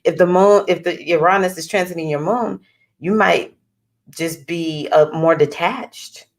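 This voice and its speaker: Chatty, animated woman with a lowish voice. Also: measured pace. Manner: chatty and animated, with bursts of excitement. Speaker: astrologer giving readings. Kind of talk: casual talking-head vlog.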